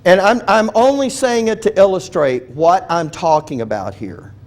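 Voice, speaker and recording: A man with a fairly high voice leads a Bible lesson like a friendly chat. He tells light, funny stories, often stops and restarts a sentence, and keeps asking his listeners questions. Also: lively intonation, moderate pace. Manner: chatty, restarts sentences, asks the audience questions; humorous storytelling. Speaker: Bible teacher. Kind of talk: conversational Bible study teaching.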